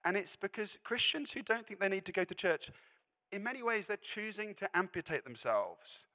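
A man's voice: high voice, lively intonation, normal speed, sharp tone. A man preaching a sermon, chatty and self-deprecating, breaking off into laughing asides. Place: church hall. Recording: echoey hall reverb.

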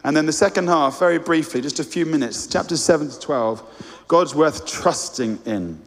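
A man's voice: a little high, expressive, moderate pace. A man preaching a sermon, earnest and direct, speaking straight to his listeners. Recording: long hall reverb.

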